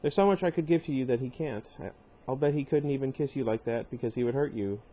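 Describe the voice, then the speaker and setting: A man's voice: medium pitch, quick pace, mellow, lightly acted, poor audio. A man reading aloud and voicing a pushy, cheerful teenage boy who talks in an insistent, cocky way. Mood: earnest.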